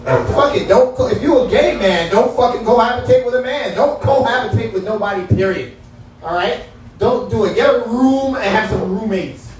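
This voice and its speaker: A man's voice: high-pitched, normal speed, a little mellow, distant mic, slight background noise. A man doing a stand-up comedy set in a small club, talking straight to the crowd with loose, profane banter. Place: small comedy room at a cannabis lounge. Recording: very echoey room picked up from afar.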